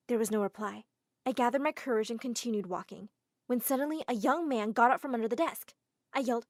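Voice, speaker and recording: A woman narrating a first-person animated drama story in a dramatic, exclaiming manner. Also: a little high, no echo, clean studio sound. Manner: dramatic, exclaiming, quick shifts to emotional outbursts.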